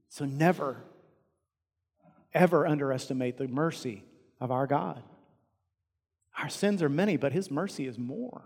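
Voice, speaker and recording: A man's voice: on the high side, a little slow, gravelly, pauses often, slightly rough. Impassioned male pastor preaching. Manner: impassioned, swings from loud to hushed. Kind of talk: sermon. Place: church auditorium. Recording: long reverb of a large hall.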